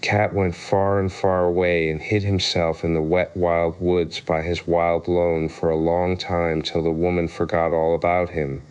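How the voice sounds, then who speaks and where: A man narrating a classic children's story aloud at an even, unhurried pace. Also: low-pitched, clear, resonant tone, dull audio. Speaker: audiobook narrator.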